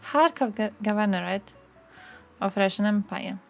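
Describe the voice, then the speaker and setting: A woman's voice: medium pitch, moderate pace, vocal fry, soft background music. A young woman from Croatia chatting on a live stream, sarcastic and swearing freely as she reads things out from her screen. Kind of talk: casual live-stream chat.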